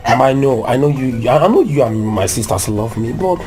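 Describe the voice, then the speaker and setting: A man's voice: medium pitch, expressive, brisk, loud music behind the voice, natural voice. An actor with a Nigerian accent playing a young man pleading with his mother to treat him as grown. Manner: exasperated, pleading. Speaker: son.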